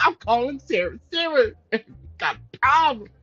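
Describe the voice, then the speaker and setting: Animated woman streamer reacting to a story game. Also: high-pitched, moderate pace. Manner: animated, profane, bursts into loud outraged reactions. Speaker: gaming streamer. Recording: slightly muffled, soft game music behind.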